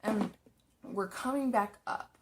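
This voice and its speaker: A woman's voice: mid-range voice, takes it slowly, slight background noise. A young woman chatting casually as she tells a story while doing her makeup, rambling with lots of fillers and restarts. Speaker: makeup vlogger.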